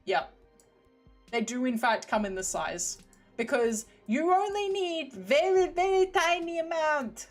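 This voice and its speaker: Brief: young UK woman streamer, bouncy lively pitch, rambling and giggly, soft music underneath. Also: unhurried. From United Kingdom. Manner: rambling, giggly, trailing off into mumbles. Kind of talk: casual stream chat. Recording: faint background music.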